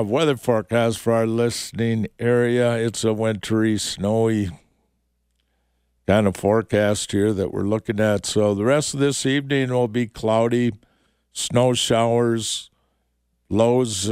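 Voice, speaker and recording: A man working as a radio DJ, reading a weather forecast on air in unhurried, halting phrases from a studio microphone. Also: lowish voice, darkish tone, clean tone, dry recording.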